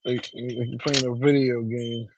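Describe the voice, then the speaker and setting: Chatty man retelling gossip, mid-pitched. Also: flat delivery, unhurried, dull audio, background noise. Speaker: co-host. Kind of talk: casual chat.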